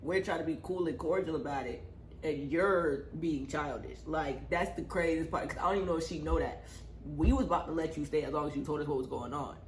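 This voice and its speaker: A woman telling a story in a casual vlog, animated and profane, acting out a quarrel. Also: low-pitched, fairly quick. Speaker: vlogger. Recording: echoey room with faint background noise.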